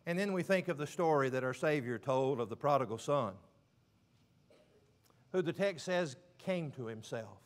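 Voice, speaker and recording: A man preaching a sermon, stressing words slowly and dropping suddenly to a hush. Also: medium pitch, expressive. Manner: emphatic, with slow drawn-out stresses and sudden quiet drops.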